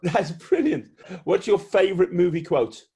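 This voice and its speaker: A man's voice: sits high, expressive, moderate pace, gravelly, mellow, breathy edge. A man hosting a casual interview, gushing with effusive praise for his guest. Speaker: podcast host.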